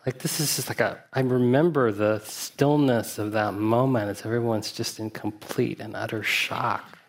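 A man, a meditation teacher, giving a dharma talk at a retreat in a reflective, anecdotal, gently humorous way. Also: medium pitch, steady tone. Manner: reflective, unhurried asides with 'uh' and 'you know'.

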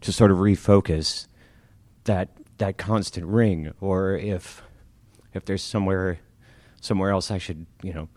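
Male participant, deep voice, halting and hesitant, dry recording. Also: fairly even intonation, a little mellow, no room sound. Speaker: class participant.

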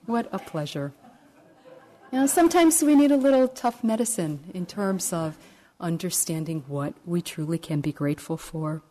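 A woman meditation teacher giving a dharma talk at a retreat, gentle and reflective as she tells stories. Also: fairly low pitch, moderate pace.

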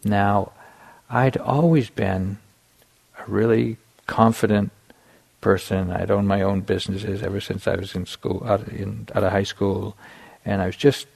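A middle-aged man giving a meditation dharma talk, telling a personal story in a relaxed way with many fillers and restarts. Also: lowish voice, a little slow, creaky, husky. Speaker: meditation teacher.

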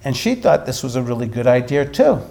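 A man, a meditation teacher, telling a story in a dharma talk with animated delivery and frequent restarts. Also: medium pitch, brisk, vocal fry.

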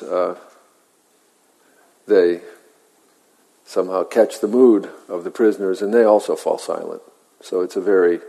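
A man, a meditation teacher, telling a story in a measured, reflective way with halting pauses, in a meditation hall. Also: low voice, vocal fry, dark tone, husky. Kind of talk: dharma talk storytelling. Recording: long hall reverb.

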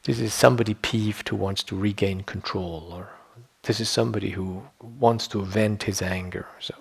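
A man's voice: lowish voice, steady tone, normal speed, creaky, husky. A middle-aged man giving a meditation teaching, reflective and conversational, often checking in with "you know" and "yeah". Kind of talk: dharma talk.

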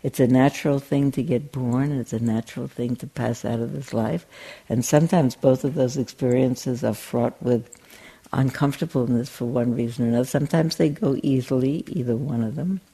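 A woman giving a dharma talk as a meditation teacher, speaking gently and conversationally, with frequent restarts and a playful storytelling streak. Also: a bass voice, normal speed, breathy edge.

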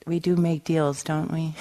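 Female meditation teacher, lowish voice, storytelling dharma talk with frequent laughter. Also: a little slow. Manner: storytelling, laughs often, animated. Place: meditation hall.

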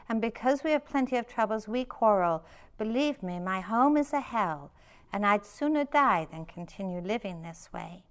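A woman reading aloud as a frantic poor man, pleading and wailing at his wits' end. His words come out a little higher and louder than plain talk. The voice is smooth and resonant. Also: lightly acted. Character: poor desperate older man, frantic and complaining.

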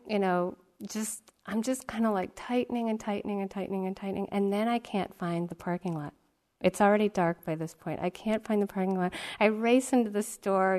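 A woman's voice: medium pitch, darkish tone. Chatty middle-aged woman telling a story. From Massachusetts. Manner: chatty and self-mocking, many asides, laughs often. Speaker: meditation teacher. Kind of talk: storytelling dharma talk.

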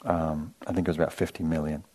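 A man's voice: extremely low pitch, level tone, quick pace, warm tone. A man teaching meditation in a casual, chatty dharma talk, telling stories with rambling asides and laughing at his own anecdotes.

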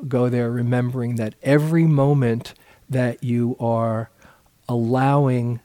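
Man, meditation teacher, unhurried dharma talk, mid-pitched, relaxed anecdotes. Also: dry recording. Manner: relaxed storytelling with soft laughs.

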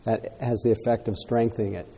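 Calm male meditation teacher in a hall. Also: on the low side, fairly quick, gravelly, husky. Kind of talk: dharma talk Q&A. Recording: reverberant hall.

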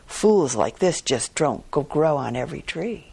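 A self-assured merchant gambler from a spoken fable, as a woman narrator puts him on. He talks merrily and with condescension, his voice pitched up and breathy, and he lets his words out at a slow, smug pace. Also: lively intonation, a little mellow, full character voice. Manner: merry and condescending.

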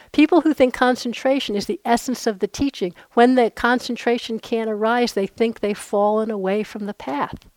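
A woman's voice: on the high side, a little mellow, no echo. A woman meditation teacher giving a dharma talk on retreat, conversational and earnest, with frequent asides.

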